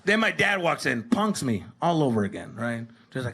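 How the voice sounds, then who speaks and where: A man doing a stand-up comedy set, animated, acting out yelling characters. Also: mid-range voice, moderate pace, vocal fry, slightly rough.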